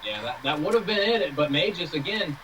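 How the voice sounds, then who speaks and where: A man's voice: a little high, lively intonation, a little fast, a bit bright. A man giving casual color commentary, full of wisecracks and jokey asides. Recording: distant mic, noisy.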